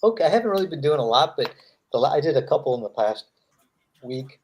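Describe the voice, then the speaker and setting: A man's voice: medium pitch, lively intonation, quick pace, darkish tone, slightly rough. A man who draws comics, chatting casually with friends and telling rambling anecdotes, acting out the quotes. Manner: rambling storyteller, acts out quotes. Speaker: comic artist, host. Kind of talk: casual chat.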